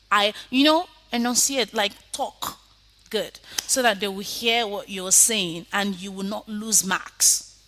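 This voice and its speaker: A woman teaching a speaking lesson over a video call, often swinging from soft to loud for emphasis. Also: medium pitch, slow. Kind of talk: online lesson.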